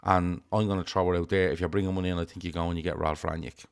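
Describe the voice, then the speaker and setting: Man, blunt and sweary, lowish voice, casual fan talk. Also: flat delivery, rapid-fire, smooth. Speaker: fan show panelist. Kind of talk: casual chat.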